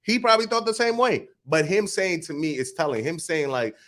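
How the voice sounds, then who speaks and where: A man's voice: a little high, sing-song, fairly quick, a bit bright. Blunt man giving frank advice. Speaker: podcast host. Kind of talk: casual chat.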